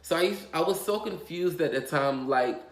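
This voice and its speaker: A man's voice: fairly high pitch, animated, normal speed. A man vlogging a confessional story in a rambling, emotional way, full of fillers and swearing. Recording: roomy echo.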